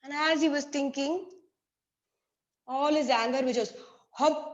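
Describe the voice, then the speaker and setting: A woman leads children through a story and movement songs, speaking in a high, unhurried, sing-song voice and talking to them directly. The room echoes and the recording sounds dull and lo-fi. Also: fairly even intonation. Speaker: children's storyteller and activity leader.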